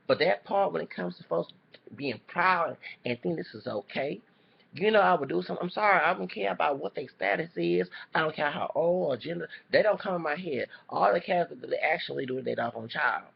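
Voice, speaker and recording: Gravelly man ranting on a lo-fi recording. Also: fairly high pitch, lively intonation, a little fast. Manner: heated, cussing, repetitive, apologizes for swearing. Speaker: YouTuber. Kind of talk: reaction commentary rant. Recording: dull lo-fi recording.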